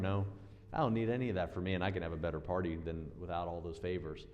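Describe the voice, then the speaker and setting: Low-voiced male pastor preaching in a hall. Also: quick pace, lo-fi sound. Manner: animated preaching, acts out quoted voices with big swings in pitch and volume. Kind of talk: sermon. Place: church sanctuary. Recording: long church-hall reverb.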